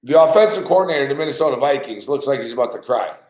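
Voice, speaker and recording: A man's voice: medium pitch, expressive, very fast, darkish tone. Guy ranting and cussing at a game he's losing bets on, kinda roomy sound. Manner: frustrated, profane, ranting, repetitive. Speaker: podcast host reacting to a live game. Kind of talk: casual live reaction rant.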